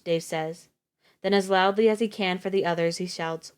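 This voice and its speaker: A woman's voice: lowish voice, moderate pace, smooth. Woman reading a novel aloud on stream. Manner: steady reading with small slips and restarts. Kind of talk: live book reading.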